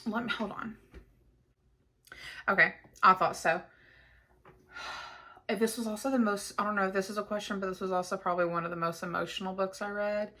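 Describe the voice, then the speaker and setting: A woman book vlogger chatting casually to the camera in a mid-pitched voice. She talks in an animated, gushing way with plenty of fillers. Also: brisk, long pauses.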